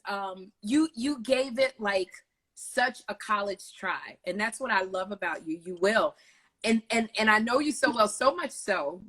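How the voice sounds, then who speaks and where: A woman hosting a casual live video chat, telling lively stories over a video call. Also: mid-range voice. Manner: animated storytelling, lively retellings. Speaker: host.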